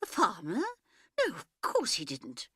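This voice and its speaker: A woman's voice: on the low side, huge pitch swings, a little slow, bright, forceful tone, husky, no room sound, clean studio sound, full character voice. A woman voicing a prim, self-righteous middle-aged mother who scolds her children. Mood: scolding.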